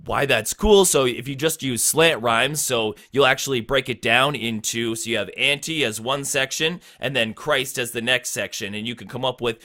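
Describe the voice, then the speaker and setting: Bright-voiced man teaching casually. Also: mid-range voice, normal speed, hardly any pauses. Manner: relaxed, filler-heavy explaining. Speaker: rap teacher. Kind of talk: casual tutorial.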